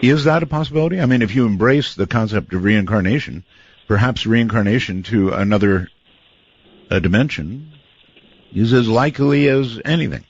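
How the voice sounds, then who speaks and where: A man's voice: mid-range voice, moderate pace, dry recording. A man hosting a late-night radio talk show, easygoing and often chuckling. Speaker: radio host. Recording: dull lo-fi radio audio.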